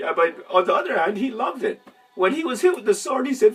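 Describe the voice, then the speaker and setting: A man's voice: sits high, big pitch swings, fairly quick, breathy edge. A man telling a religious story and ranting in a casual, profane, rambling monologue, laughing mid-sentence. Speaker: religious vlogger. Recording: distant from the mic.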